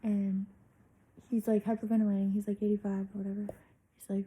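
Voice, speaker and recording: A woman's voice: medium pitch, flat delivery, a little fast, warm tone, breathy edge, low-quality recording. A young woman vlogger telling a personal story in a candid, chatty way, swearing freely.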